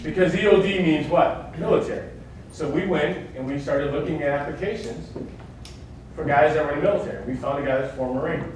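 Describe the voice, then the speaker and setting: A workshop speaker on workplace security gives a live lecture with audience questions, talking fast and emphatically in a higher voice and repeatedly checking in with "right?". The mic sits far off in an echoey hall, and there's a little hiss or hum.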